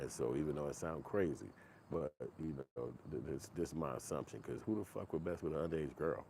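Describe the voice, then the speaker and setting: A man giving casual, animated and profane reaction commentary, acting out quotes in put-on voices. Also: extremely low pitch, quick pace, vocal fry, slight background noise.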